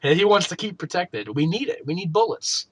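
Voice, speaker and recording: A young man co-hosting a gaming podcast, telling a story in casual chat, swearing freely and acting out shouted quotes. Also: high voice, animated, brisk, husky, no room sound. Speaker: podcast co-host.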